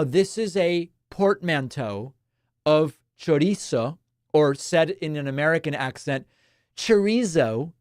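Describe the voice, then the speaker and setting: A man's voice: fairly high pitch, no echo, clean studio sound. A male host from Argentina, chatting wryly on a livestream and reading out viewer messages. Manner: wry, chatty, animated asides.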